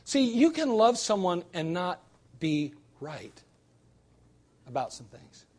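A man's voice: high voice, very animated, slow, darkish tone. A man preaching a sermon at a church service, emphatic and full of rhetorical questions and sarcastic asides. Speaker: pastor.

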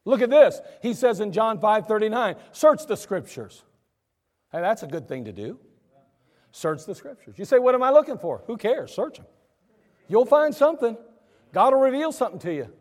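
A high-pitched man delivers a sermon in a church. He preaches in an animated way, putting questions to his listeners and answering them himself. The hall around him adds a long reverb. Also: normal speed. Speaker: pastor. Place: church sanctuary.

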